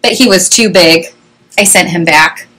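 A woman reading a children's story aloud with an animated, expressive delivery, recorded on a webcam. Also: fairly low pitch, measured pace, noisy background.

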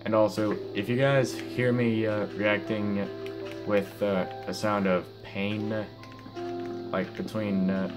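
A sixteen-year-old gaming YouTuber gives casual, hesitant gameplay commentary, stumbling over words with many fillers and restarts because his mouth is sore from having his wisdom teeth out. His voice is fairly low, with little pitch movement, and slow. Guitar music plays beneath him.

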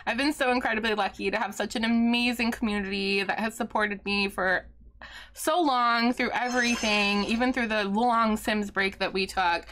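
Giggly high-voiced woman streamer. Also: fairly even intonation, normal speed, a bit bright, a little hiss or hum. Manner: giggly, effusive, thanking chat. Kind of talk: live-stream chat while playing.

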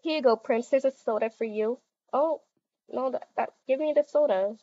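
A woman playing a game with a friend, giggling and excitedly talking to the characters on screen. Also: high voice, normal speed, no echo. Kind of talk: casual gameplay chatter. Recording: muffled lo-fi dry recording.

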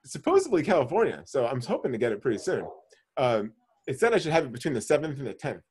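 A man's voice: medium pitch, very animated, fast talker, darkish tone, husky. A man co-hosting a podcast, telling a story in casual chat, swearing freely and acting out his own panic. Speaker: podcast co-host.

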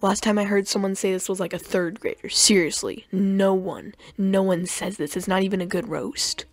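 A woman's voice: medium pitch, steady tone, moderate pace, no echo, clean studio sound. A young woman giving sarcastic, mocking commentary on clips, often tripping over her words. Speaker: commentary youtuber.

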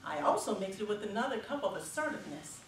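Middle-aged woman, speech contest speaker with an animated voice, heard from a distance in a hall. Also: mid-range voice, slight background noise. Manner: expressive storytelling with dramatic pauses. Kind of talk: prepared public speech. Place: stage in a large hall.

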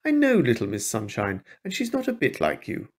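Man voicing a cheerful friendly storybook fellow, husky, lively, raised pitch. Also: fairly quick. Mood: friendly amused.

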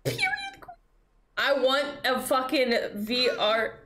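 A young woman streaming, chatting casually while reacting to videos, excitable and swearing freely. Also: fairly high pitch, normal speed, noisy background.

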